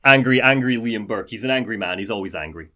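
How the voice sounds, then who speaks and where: A male podcast host recapping a game story in an animated, jokey way. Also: lowish voice, fast talker.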